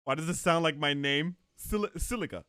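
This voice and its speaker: A man's voice: fairly high pitch, moderate pace, smooth, dry recording, clean studio sound. A man streaming live, chatting casually and joking with his chat. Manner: joking, animated, talks to chat.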